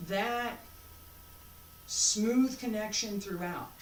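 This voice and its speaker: A woman's voice: mid-range voice, drawn-out words, a little hiss or hum. A woman teaching a martial arts class as she demonstrates, thinking aloud with rhetorical questions. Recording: roomy sound from a distant mic.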